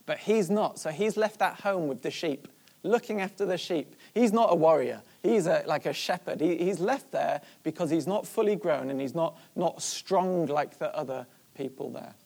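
A preacher in the middle of a sermon, retelling a story with animated energy and a mid-range voice. The talk is driven by rhetorical questions aimed at the listeners. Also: medium pitch, moderate pace, vocal fry.

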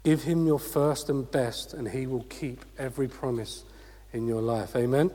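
A man preaching a sermon, energetic, with rhetorical questions and call-outs to the congregation. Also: medium pitch, normal speed, in a large hall.

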